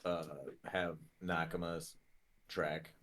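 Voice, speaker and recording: Low-voiced player, hesitant, casual. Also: male voice, completely flat delivery, slow, background noise. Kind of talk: casual tabletop game chat.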